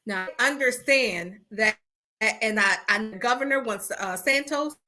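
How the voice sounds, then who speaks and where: A woman's voice: on the high side, unhurried. A woman hosting a podcast in casual chat over an internet call, telling stories with animation and acting out what people said. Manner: animated storyteller who acts out quotes. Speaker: podcast host. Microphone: remote call over the internet.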